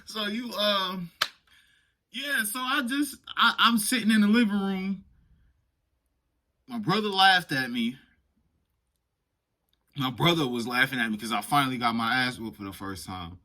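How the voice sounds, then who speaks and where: A young man casually telling a profane, animated storytime vlog. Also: high-pitched, unhurried, long pauses. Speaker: vlogger.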